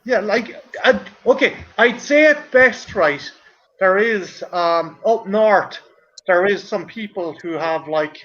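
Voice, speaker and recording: Irish man, high-pitched, blunt, constant swearing, muffled lo-fi voice chat. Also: animated, slow, fairly bright tone. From Ireland. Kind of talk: casual online group chat.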